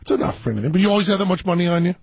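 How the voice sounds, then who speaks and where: Male radio host, gravelly, lively pitch, teasing, dull lo-fi sound. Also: rapid-fire, no echo. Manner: teasing, needling. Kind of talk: casual chat.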